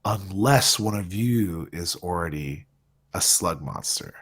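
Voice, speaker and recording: A man with a very low, husky voice plays his part at a tabletop game. He suggests plans in a relaxed way and drops in the odd joke. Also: slow pace. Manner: jokey, proposes plans. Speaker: player. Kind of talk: casual tabletop role-play.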